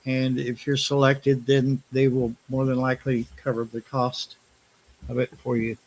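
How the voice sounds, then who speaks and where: Male guest, medium pitch, practical step-by-step explainer. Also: monotone, unhurried, a little mellow, rough recording. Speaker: guest on live stream. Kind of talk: casual live-stream chat.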